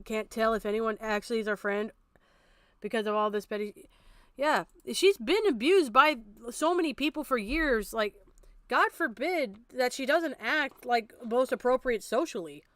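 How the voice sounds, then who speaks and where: A high-pitched woman talks straight into a dry, close mic during a reaction stream. Her commentary is blunt and profane, full of exasperated asides. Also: normal speed, a bit bright, no echo. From outside America.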